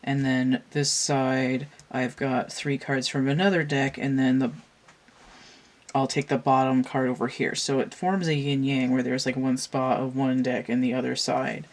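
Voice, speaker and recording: A woman's voice: rumbling low, level tone, measured pace. A woman chatting loosely as she lays out oracle cards, rambling with fillers and restarts, a little congested. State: congested from a cold. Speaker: tarot and oracle card reader. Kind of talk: casual chat while doing a card reading.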